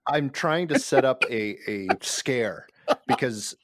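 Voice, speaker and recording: A man's voice: mid-range voice, a little slow, fairly bright tone, no room sound, clean studio sound. A man from Minnesota co-hosting a casual podcast chat, playful and teasing, with a self-deprecating humor. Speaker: podcast co-host.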